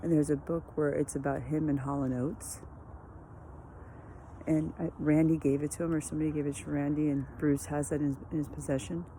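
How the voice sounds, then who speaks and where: A woman's voice: sits low, little pitch movement, fairly quick, warm tone, a little hiss or hum. A woman vlogging in a meandering, spiritual, musing way full of fillers, recorded on a phone. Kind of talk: rambling casual vlog.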